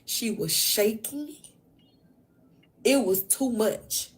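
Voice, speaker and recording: A woman podcast host casually retelling events in an emphatic, animated way, full of slang. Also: on the high side, drawn-out words. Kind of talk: casual storytelling recap.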